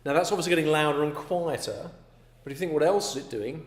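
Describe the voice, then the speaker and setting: A man lectures an astronomy class, explaining things step by step and often checking in with "okay?". His voice is fairly high and fairly quick, recorded in an echoey classroom with a faint hum.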